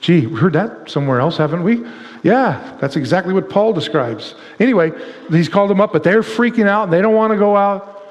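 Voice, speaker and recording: Male pastor, high voice, animated and joking sermon, long hall reverb. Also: fairly quick, muffled recording. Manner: animated, acts out voices of the people with humor.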